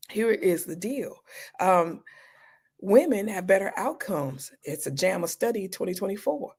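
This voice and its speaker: Woman ER doctor as interview guest, gravelly fry, lively storyteller who acts out her reactions. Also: mid-range voice. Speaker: emergency room physician, guest.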